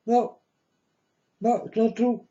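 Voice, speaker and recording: A man's voice: very high voice, flat delivery, takes it slowly, mellow. A man hosting his own channel, delivering a blunt, scornful, preachy ranting monologue. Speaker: channel host. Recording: dull lo-fi recording.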